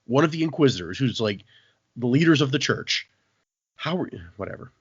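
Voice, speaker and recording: A man's voice: medium pitch, brisk, husky, dry recording. A man hosting a podcast, casually recapping a book and acting out the quotes. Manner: animated storytelling, acts out quotes. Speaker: podcast host. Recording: dull, dry lo-fi podcast audio.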